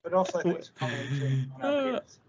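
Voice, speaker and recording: A man's voice: fairly high pitch, big pitch swings, fairly quick, darkish tone, highs cut off, slight background noise. A man co-hosting a casual podcast, blunt and sweary with stammering starts. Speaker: podcast co-host.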